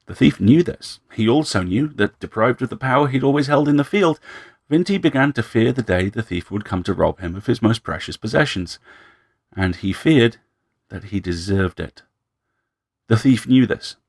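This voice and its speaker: A man narrating a story in a measured, dry storytelling manner. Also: medium pitch, expressive, darkish tone, dry recording.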